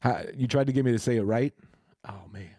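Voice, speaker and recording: A man's voice: mid-range voice, brisk, warm tone, dry recording, clean studio sound. A man chatting casually on a crypto livestream, hesitant and full of fillers and restarts.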